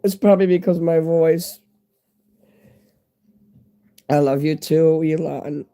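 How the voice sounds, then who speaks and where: A man in his fifties with a hoarse, fading voice and a stuffy nose, rambling candidly to his viewers in a casual live-stream chat. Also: on the high side, fairly even intonation, normal speed, dark tone. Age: 50s.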